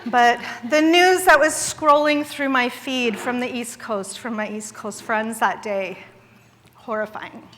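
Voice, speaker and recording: Bright high-voiced woman giving a speech. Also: measured pace, slight background noise. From Idaho, USA. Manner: earnest and candid, with wry self-deprecating humor. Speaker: guest speaker at a charity gala. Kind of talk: public speech. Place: large event hall. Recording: long hall reverb.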